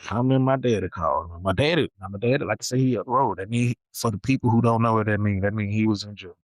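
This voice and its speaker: A man's voice: on the low side, fast talker, no echo, low-quality recording. A young man hosting a podcast, telling a story from his childhood in a casual, slangy way, with lots of repetition. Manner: animated, slangy, repeats himself. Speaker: podcast host.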